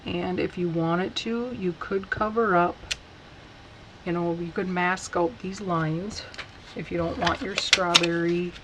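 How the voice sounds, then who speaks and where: A woman teaching a casual stamping tutorial, chatty and unhurried as she talks while working. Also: lowish voice, background noise. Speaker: card-making instructor.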